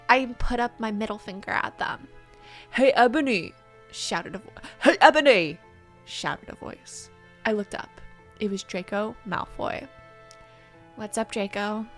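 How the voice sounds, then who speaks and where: A woman's voice: medium pitch, gravelly, fairly bright tone. A young woman reading a fan story aloud, with sarcastic, playful asides. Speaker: YouTuber. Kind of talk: reading a fanfic aloud with comedic commentary.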